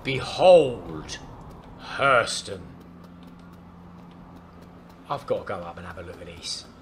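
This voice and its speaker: A man's voice: sits low, racing, a bit bright, a little hiss or hum. A man hosting his gaming channel, giving casual, jokey, awestruck commentary as he plays.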